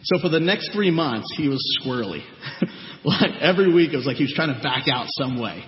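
A man's voice: fairly high pitch, animated, brisk. A man speaking to a gathering, earnestly recounting stories about teens and voicing their words. His voice echoes around a large hall, and the sound is dull and lo-fi. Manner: earnest storytelling, acts out quoted people. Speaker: youth ministry leader. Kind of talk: testimony talk to a gathering.

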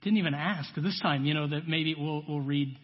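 Guy preaching, chatty and folksy, kinda husky voice, boomy church reverb. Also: normal speed. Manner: conversational, folksy, many asides. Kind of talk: sermon. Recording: dull long-reverb church hall.

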